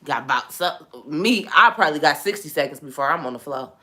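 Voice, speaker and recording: A young woman hosting a podcast, talking in a relaxed, conversational way about faith and sometimes dropping into a hushed voice when she tells a story. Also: low-pitched, brisk. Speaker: podcast host. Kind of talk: casual spiritual talk.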